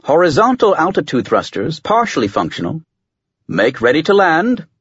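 A man's voice: a little high, wildly swooping pitch, moderate pace, fairly bright tone, slightly rough, dry recording, muffled recording, voice pushed up, full character voice. A man voicing a dutiful shipboard AI that gives clipped, formal military reports. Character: dutiful shipboard AI, sexless machine voice.

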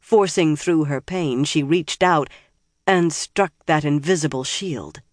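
An audiobook narrator reading fantasy prose in a steady, measured way. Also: medium pitch, dry recording, clean studio sound.

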